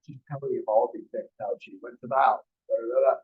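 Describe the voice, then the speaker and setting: Forties male instructor, husky, gravelly, storytelling style, dull lo-fi sound. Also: mid-range voice, steady tone, fast. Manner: rambling, anecdotal, acts out quotes. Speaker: real estate class instructor. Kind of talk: casual storytelling lecture.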